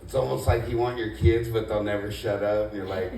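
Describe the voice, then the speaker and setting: Gravelly and lowish, the man's voice holds a steady tone and moves a little fast. He's a first-time stand-up comedian performing a laid-back, rambling club set, full of self-deprecation and "you know." The recording is noisy, with echo from the room and a mic at a distance.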